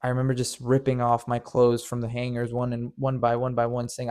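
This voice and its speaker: A man's voice: mid-range voice, monotone, brisk, a little mellow. A man narrating a painful personal story in an earnest, emotional way, often stammering and repeating words. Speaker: storyteller and channel host.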